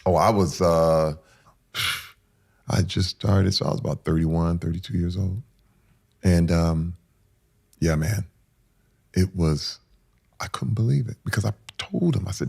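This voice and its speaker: Gravelly deep-voiced man telling a raw story. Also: unhurried, pauses often. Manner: intense, dropping to hushed whispers and rising in sudden loud bursts. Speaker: interview guest. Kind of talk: emotional personal storytelling.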